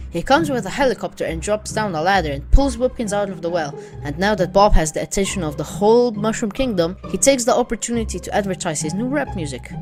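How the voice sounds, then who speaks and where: A woman narrating a plot summary in a steady, matter-of-fact way. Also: mid-range voice. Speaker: narrator summarizing a web series. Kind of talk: read-aloud plot summary.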